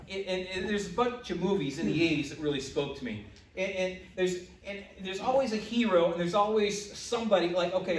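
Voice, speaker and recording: Animated male pastor in an echoey church. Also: sits high, a little hiss or hum. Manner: animated, builds to loud exclamations. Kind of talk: sermon. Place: church sanctuary. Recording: echoey church, mic from a distance.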